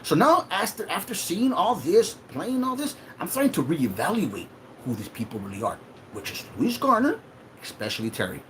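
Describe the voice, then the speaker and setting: A man's voice: sits high, sing-song, moderate pace, fairly bright tone, slight background noise. A man hosting a livestream, talking in an emotional, profane and confrontational way. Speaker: livestream host. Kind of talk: heated livestream rant.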